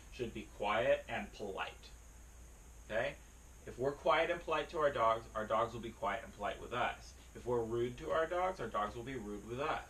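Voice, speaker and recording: A man explaining a dog-training skill to the camera in a relaxed way, with plenty of fillers and restarts. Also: medium pitch, distant mic, a little hiss or hum, rough recording. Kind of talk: casual spoken lesson to camera. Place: beside his dog, speaking to a camera.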